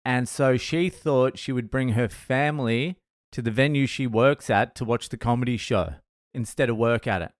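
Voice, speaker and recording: A man's voice: medium pitch, moderate pace, no room sound, clean studio sound. A man with an Australian accent, a comedian telling a crude, laid-back story. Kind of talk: storytelling podcast.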